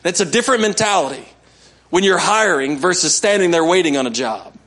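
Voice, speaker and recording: A man's voice: sits high, animated, a little fast, a bit bright. A male pastor giving a sermon in a conversational way, coaxing the congregation to respond.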